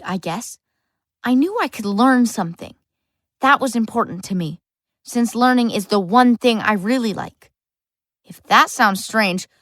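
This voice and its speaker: A woman's voice: mid-range voice, a bit bright, no echo, clean studio sound, close to an everyday voice. A woman narrating a full-cast audiobook as a lonely, bookish boy, earnest with wry asides. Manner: earnest first-person storytelling, wry asides.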